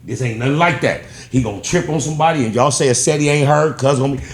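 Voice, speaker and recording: A man's voice: medium pitch, fast, echoey room, crowd noise. A man from Long Beach, telling stories as a podcast guest in heavy slang and acting out the people he quotes. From Long Beach, California. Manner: animated, acts out quotes in shifting voices, heavy slang. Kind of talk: casual storytelling interview.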